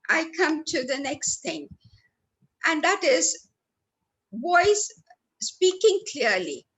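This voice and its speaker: A woman's voice: sits high, a bit bright, poor audio. A woman leading a training workshop, stressing words for effect and speaking to listeners by name. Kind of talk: lively training talk. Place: lecture hall.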